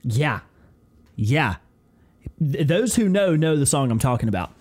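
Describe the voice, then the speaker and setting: A man co-hosting a podcast, talking excitedly and swearing casually. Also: on the high side, a little slow. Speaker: podcast co-host.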